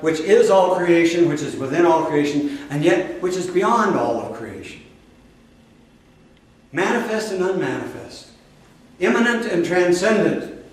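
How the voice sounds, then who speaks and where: A fairly high-voiced man preaches as a spiritual teacher, pressing his points home with emphatic repetition and direct questions to the room. His voice rings with heavy echo and sits well back from the microphone, as if recorded from afar in a large hall. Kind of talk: sermon to a live audience. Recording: very echoey room from a distance.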